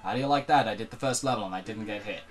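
A man giving casual, joking gaming commentary, animated and swearing often. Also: lowish voice, rapid-fire, soft background music. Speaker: let's play co-host.

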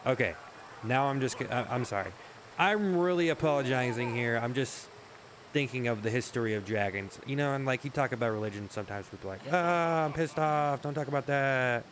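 A man talks in a loose, rambling comic monologue, often stopping himself mid-thought and swearing for laughs. His pitch sits in an ordinary middle range. A steady hiss of noise runs under the recording. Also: fast. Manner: rambling, self-interrupting, swears often, jokey. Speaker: comedy vlogger.

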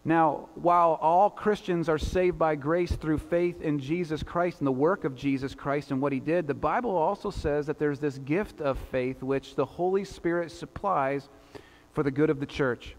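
Speaking at a normal pace in a slightly high voice, a male pastor delivers a conversational sermon, turning to the congregation with rhetorical asides. Long reverb from the church sanctuary fills the recording.

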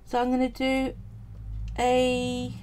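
A woman's voice: high-pitched, completely flat delivery, slow pace, background noise. A woman with a Cockney accent, talking chattily through a craft tutorial at home, thinking aloud as she works. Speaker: polymer clay crafter and streamer.

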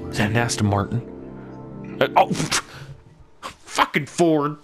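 A man giving casual gameplay commentary as a gaming channel host, excitable and swearing, swinging from muttered whispers to loud whoops. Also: medium pitch, a little slow. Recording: voice over loud game music. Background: game music.

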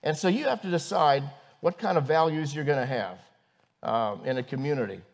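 A man who is a pastor, preaching a sermon to his congregation, earnest and building to emphasis, with pauses and fillers. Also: fairly high pitch, expressive. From northern United States. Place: church congregation.

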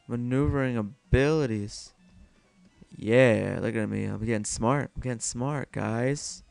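Slow, gravelly young man cursing at a game. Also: on the low side, expressive, a little mellow, no room sound, soft background music. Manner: self-mocking, swears a lot, mutters to himself. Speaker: gameplay commentator. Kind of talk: casual solo gameplay commentary.

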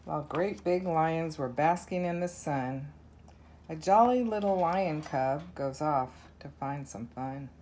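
Slow, low-voiced woman reading a picture book. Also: slight background noise. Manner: slow, soft counting. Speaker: narrator.

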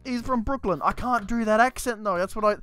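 A man's voice: sits high, fairly quick, a bit bright, clear, resonant tone, faint music behind. A man streaming a game, chatting casually with his viewers and laughing at himself. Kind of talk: casual gameplay commentary.

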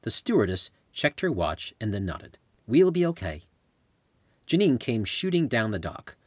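Husky, low-voiced memoir narrator. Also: male voice, sing-song, moderate pace, no echo, clean studio sound. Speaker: author and narrator.

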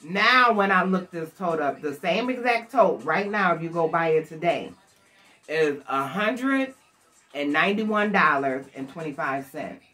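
A woman's voice: on the low side, measured pace, faint music behind. An older woman from Buffalo, New York, chatting to camera alone at home and talking straight to her viewers. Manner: chatty, animated, addresses viewers directly. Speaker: thrift haul vlogger. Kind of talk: casual chat to camera.

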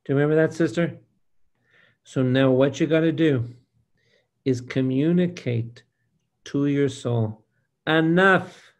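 An older man, a priest, preaching a Bible study slowly and emphatically, speaking straight to his listeners and asking them for amens. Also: medium pitch, warm tone. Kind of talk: preaching to a live group.

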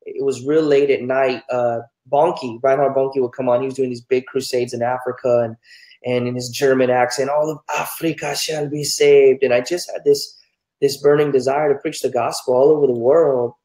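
A man's voice: mid-range voice, little pitch movement, moderate pace, dark tone, reverberant, low-quality recording. A man from New Mexico, a pastor telling his life story candidly and earnestly in an interview. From New Mexico, United States.

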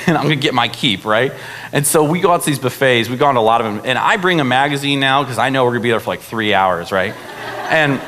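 A young man gives a relaxed, storytelling sermon, talking to the room like friends and tossing in asides. His voice sits in a middle range. A long reverb from the church hall trails behind his words. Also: mid-range voice. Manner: conversational, chatty, full of fillers and asides to the audience. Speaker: pastor.

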